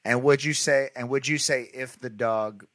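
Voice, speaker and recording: A man's voice: medium pitch, fairly even intonation, normal speed, a bit bright. A man hosting a podcast, asking long, rambling questions and humming agreement often. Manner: asks long rambling questions, lots of affirming hums. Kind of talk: casual podcast interview.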